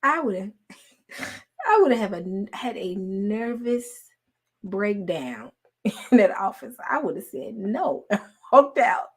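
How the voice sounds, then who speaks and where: A woman, telling a story in casual chat with her followers, laughing often and swinging from loud to hushed. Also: medium pitch, very animated, slow pace, long pauses, breathy edge. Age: 40s. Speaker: online host talking to followers.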